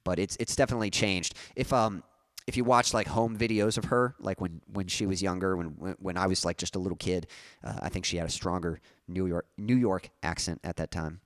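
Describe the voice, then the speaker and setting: A man's voice: sits low, fairly even intonation, a little fast, no room sound, clean studio sound. A man hosting a music livestream, chatting casually and answering viewer comments, rambling with many fillers and restarts. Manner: reads viewer comments aloud and answers them.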